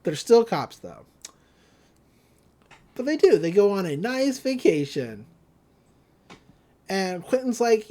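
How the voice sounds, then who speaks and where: A woman hosting a podcast, recapping a cartoon episode in casual chat, with frequent laughs and quick quoted asides. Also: medium pitch, very animated, mellow. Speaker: podcast host.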